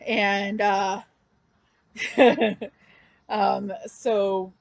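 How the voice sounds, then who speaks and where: Slow, chatty woman recapping comics. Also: mid-range voice, level tone, vocal fry. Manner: chatty and loose, with many fillers and restarts. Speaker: comic book reviewer.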